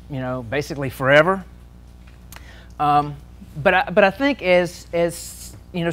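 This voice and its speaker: A man telling lively officiating stories to an audience at a meeting, acting out the shouted lines. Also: on the high side. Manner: animated anecdotes, shouting out quoted lines. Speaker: sports official and speaker. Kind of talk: storytelling talk to an audience.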